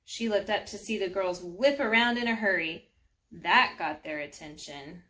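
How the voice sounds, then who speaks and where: A woman reading a children's storybook aloud, gently, sometimes speaking directly to young listeners. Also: medium pitch, normal speed. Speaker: storybook narrator.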